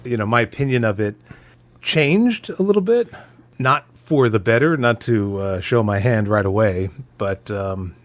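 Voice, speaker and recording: A man's voice: fairly low pitch, lively intonation, unhurried. A man as a podcast guest in a casual review chat, reflective and chuckling often as he talks.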